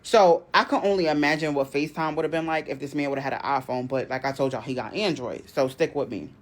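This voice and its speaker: Speaking at a quick pace, a woman tells a personal story in a casual, dramatic way, her voice jumping into high outbursts whenever she quotes herself.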